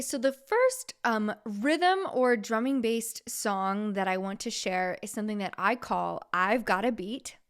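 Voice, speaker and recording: Smooth and mid-range, the voice is that of a woman who is both music therapist and podcast host. Her teaching podcast mixes plain explanations of steps, a few fillers, and simple sung call-and-response demonstrations.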